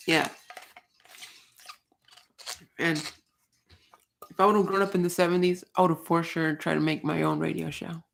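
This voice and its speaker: A woman's voice: fairly low pitch, steady tone, takes it slowly, gravelly, long pauses. A woman hosting a casual livestream, talking bluntly, swearing often and rambling with restarts. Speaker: livestream host. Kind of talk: casual ranting chat.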